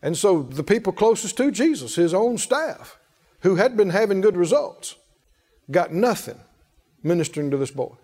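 A man's voice: high-pitched, sing-song, normal speed, mellow, big-room sound. A man preaching a sermon with emphasis, calling on the congregation to answer him. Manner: emphatic, calls on the congregation to respond.

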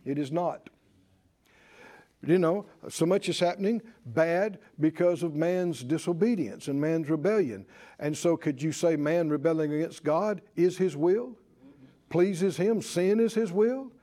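A man preaches a sermon with a high-pitched voice. He talks in rhythmic call-and-response, rising to bursts of emphasis and then dropping low and soft. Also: measured pace.

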